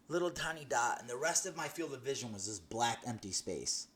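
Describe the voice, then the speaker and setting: A man's voice: mid-range voice, animated, brisk, fairly bright tone. A young man giving a personal faith testimony, telling his story earnestly with many restarts and "you know"s. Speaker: testimony speaker.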